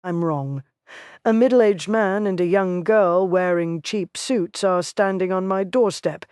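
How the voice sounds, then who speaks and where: Woman reading a thriller audiobook, smooth clear voice, dry close mic, steady. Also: lowish voice, unhurried, dry recording. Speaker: audiobook narrator. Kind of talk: scripted first-person narration.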